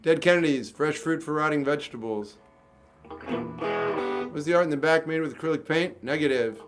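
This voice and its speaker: A man's voice: fairly high pitch, normal speed, music in the background. Offhand man chatting on a livestream. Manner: dry, offhand, jokey replies to comments. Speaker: livestreamer musician answering chat. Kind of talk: casual livestream chat.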